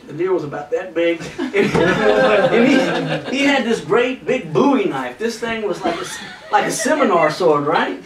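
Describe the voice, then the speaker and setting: Over a noisy crowd, a high-voiced man spins a comic hunting tale in an unhurried, sing-song manner, breaking into laughter often. It's a casual anecdote, captured as roomy, far-off camcorder audio with loud background noise.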